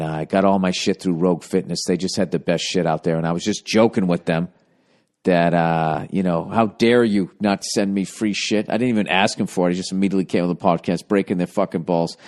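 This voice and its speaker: A man's voice: on the low side, a little mellow. A man hosting his podcast, rambling through a profane, self-mocking monologue in casual chat. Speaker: podcast host.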